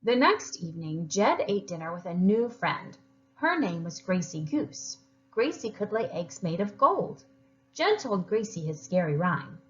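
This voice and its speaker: A woman teacher reading a story aloud to children, expressive and encouraging. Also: medium pitch, measured pace, lo-fi sound, soft background music.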